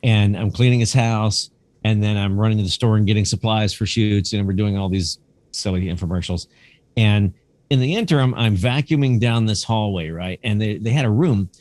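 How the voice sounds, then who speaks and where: A man in his fifties, a cinematographer and museum curator, chatting as a podcast guest and telling animated stories. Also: lowish voice, moderate pace, no room sound. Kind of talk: casual anecdotal storytelling.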